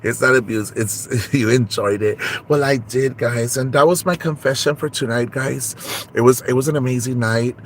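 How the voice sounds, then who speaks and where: A man's voice: mid-range voice, moderate pace, slight background noise, lightly acted. A man voicing a brassy, shameless young Tejana woman, gossiping and code-switching in a confessional comedy vlog. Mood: gossipy. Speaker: vlog character. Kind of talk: comedic character monologue.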